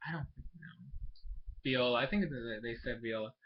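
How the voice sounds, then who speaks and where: A man's voice: mid-range voice, moderate pace, creaky. A young man talking through a casual video review of a cartoon episode, rambling and full of fillers. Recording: dull lo-fi home recording.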